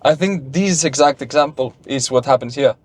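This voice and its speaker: A man's voice: medium pitch, moderate pace. Man hosting in a car. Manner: frequent "mm-hmm" and "yeah" backchannels, relaxed storytelling. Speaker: podcast host. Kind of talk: casual interview conversation.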